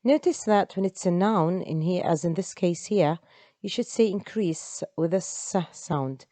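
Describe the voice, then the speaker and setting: A woman's voice: fairly low pitch, normal speed, mellow, dry recording. A woman, an English teacher explaining step by step in an online lesson. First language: Arabic.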